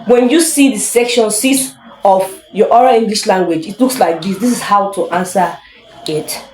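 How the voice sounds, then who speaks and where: A woman teaching English in a casual online lesson, chatty, laughing often and reading examples slowly for emphasis. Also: mid-range voice, darkish tone, soft background music. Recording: echoey room.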